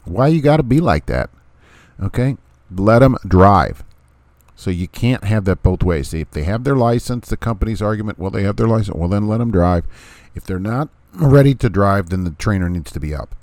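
A man's voice: fairly low pitch, animated, a little fast, mellow, dry recording. A man hosting a podcast, talking bluntly and sarcastically, hammering his points home with repetition. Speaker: podcast host. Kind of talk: casual opinion podcast.

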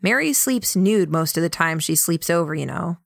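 A woman's voice: lowish voice, lively intonation, normal speed, creaky, no echo, clean studio sound. Woman reading as a wry young man.

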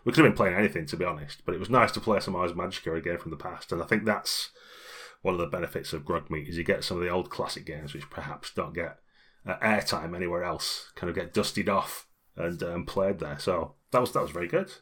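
A man's voice: low voice, fast, fairly bright tone, breathy edge. A middle-aged British man co-hosting a role-playing podcast, chatting casually and rambling with frequent laughs. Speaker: podcast co-host.

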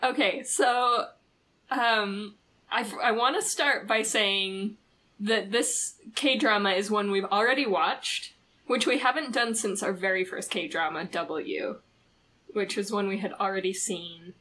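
A woman co-hosting a podcast in casual chat, talking in an excitable, chatty way with plenty of fillers. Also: medium pitch, slow pace. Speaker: podcast co-host.

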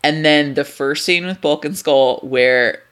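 A man's voice: on the high side, measured pace, fairly bright tone. A man co-hosting a podcast, recapping a movie plot casually, laughing and swearing often. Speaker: podcast co-host. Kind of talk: casual chat, movie review.

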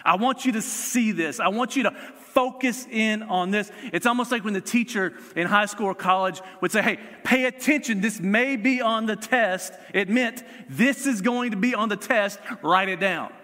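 A middle-aged man preaching a sermon as pastor, emphatic, swinging from loud calls down to quiet prayer. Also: high voice, moderate pace, few pauses. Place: church sanctuary. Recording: long hall reverb.

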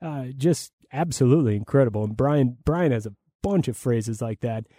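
A man with a deep, mellow voice talks shop with enthusiasm, circling back with fillers and restarts. The sound is dry and close, with no room around it. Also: lively intonation, normal speed, dry recording. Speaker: play-by-play broadcaster. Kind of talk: conversational interview answers.

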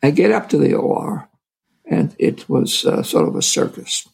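An older man, a physician, telling a story from his career in a halting, casual way. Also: a little high, animated, vocal fry, a little mellow, breathy edge, low-quality recording. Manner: halting, full of restarts and fillers.

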